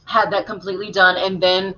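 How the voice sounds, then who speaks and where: A woman's voice: medium pitch, flat delivery, a little fast, bright, forceful tone. A woman co-hosting a live online talk show, chatting casually, telling stories and reading viewer comments aloud. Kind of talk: casual live-stream chat. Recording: dull lo-fi live-stream audio.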